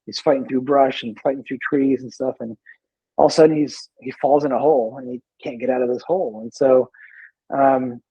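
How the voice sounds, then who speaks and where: A man with a husky, slightly breathy voice tells his story in an easygoing way, stopping often and going back over his words. His sound is dry and a bit muffled, like a lo-fi remote call. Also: medium pitch, steady tone, fairly quick, no echo. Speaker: guest, veteran in recovery. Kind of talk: casual interview talk.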